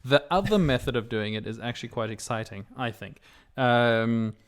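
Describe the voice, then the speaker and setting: A man's voice: mid-range voice, lively intonation, moderate pace. A young man co-hosting a comedy podcast, rambling through explanations with lots of fillers. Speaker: podcast co-host. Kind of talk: casual comedic chat.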